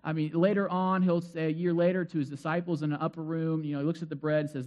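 A man's voice: a little high, rapid-fire, hardly any pauses, a little mellow, dull audio. A male pastor giving a sermon in a chatty storytelling way, full of asides. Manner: conversational storytelling with many asides.

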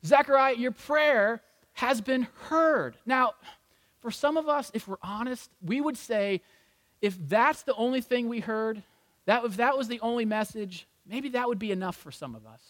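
A man's voice: very high voice, moderate pace, fairly bright tone. A male pastor preaching a sermon in a church with humorous, conversational storytelling. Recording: long reverb in a large hall.

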